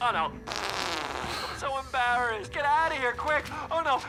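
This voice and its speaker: A man voicing a cocky young hedgehog hero in an animated film, quick and jokey. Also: extremely high pitch, gravelly, crowd noise, exaggerated voice. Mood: goofy. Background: film score.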